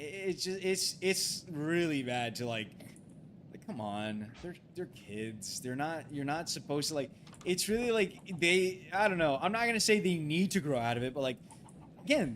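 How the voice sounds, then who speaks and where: Late at night, a man streams a game and chats casually, rambling with lots of fillers and false starts, then swearing and pleading whenever things go badly. His voice is slightly high and fairly bright, with a faint hiss or hum in the recording.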